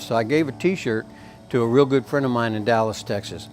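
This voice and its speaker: A man's voice: medium pitch, fairly quick, darkish tone, faint music behind. A man with a Tennessee accent, a country store owner, telling stories casually in a folksy, rambling way with many fillers. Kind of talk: casual storytelling.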